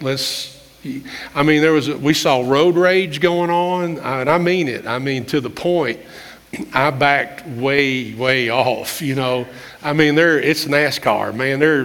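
An older man, a pastor, preaching a conversational sermon with candid stories, often clearing his throat and restarting phrases. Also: mid-range voice, fairly bright tone. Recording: long reverb of a large hall.

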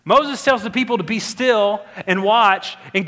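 A man's voice: high-pitched, measured pace, few pauses, fairly bright tone. A man preaching a sermon as pastor, earnest and building to emphatic exhortation.

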